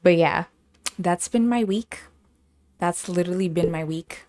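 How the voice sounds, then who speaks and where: Young canadian woman hosting a podcast, chatty and animated, close dry mic. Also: on the low side, measured pace, no echo. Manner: animated storytelling with laughs and acted-out quotes. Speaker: podcast host. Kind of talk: casual chat.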